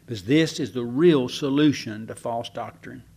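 A man's voice: mid-range voice, moderate pace, vocal fry, darkish tone, husky. A man preaching a conversational sermon, folksy and chatty, asking the congregation questions and restarting his sentences. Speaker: pastor.

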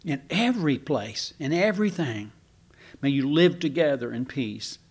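A man's voice: on the high side, expressive, normal speed. A man preaching a conversational sermon, folksy and chatty, asking the congregation questions and restarting his sentences. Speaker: pastor.

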